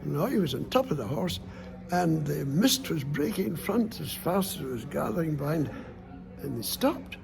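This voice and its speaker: High, gravelly storyteller man. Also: normal speed, music in the background. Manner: lively, playful, with sound effects and sudden hushes. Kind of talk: oral folk storytelling.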